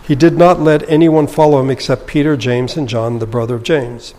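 A man's voice: medium pitch, fairly even intonation, brisk, warm tone, big-room sound. A man leading a Bible study, reading scripture aloud and then explaining it in a conversational way. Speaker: Bible teacher.

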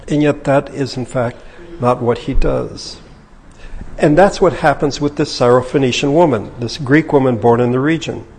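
A male pastor with a slightly husky, middle-pitched voice delivers a sermon, paraphrasing scripture in casual everyday phrasing. His words ring out with a long reverb, as in a church hall. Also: moderate pace, a little mellow.

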